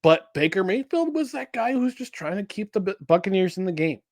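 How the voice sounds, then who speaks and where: A man co-hosting a sports podcast in casual chat, animated and jokey, often restarting his sentences. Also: sits high, brisk, no echo, clean studio sound. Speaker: podcast co-host.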